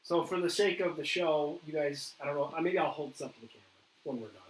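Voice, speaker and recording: A man hosting a paranormal interview, telling a ghost story in a lively way and acting out what others said. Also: on the high side, quick pace. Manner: animated storyteller, acts out quoted dialogue. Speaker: paranormal investigator host. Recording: echoey room with faint noise.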